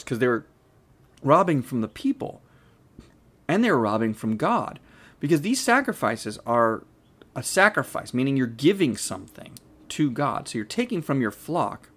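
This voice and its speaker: A man teaching a Bible study, explaining the passage in a relaxed, conversational way and thinking aloud as he goes. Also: medium pitch.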